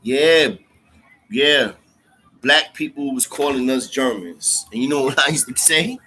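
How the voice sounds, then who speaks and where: A man talks straight to his viewers in loose, profane street slang and calls them bro and twin. His voice is bright and edgy, with a middle pitch. He repeats lines to drive his point home. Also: a little slow, slight background noise. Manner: animated, repeats lines for emphasis. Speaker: livestream host talking to viewers. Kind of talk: casual storytelling chat.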